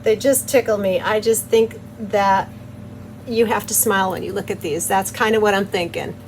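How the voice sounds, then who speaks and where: A woman with an ordinary pitch chats in a relaxed, cheerful way as she works, often breaking into giggles. She hosts her own soap-making channel from her home studio. A faint noise sits under her voice. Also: normal speed, low-quality recording. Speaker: soap maker and channel host. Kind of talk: casual chat while making soap.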